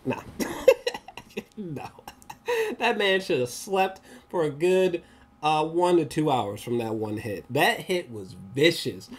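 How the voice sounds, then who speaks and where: A man giving a casual, rambling movie review, excitable and slangy, often laughing. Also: on the high side, slow, long pauses.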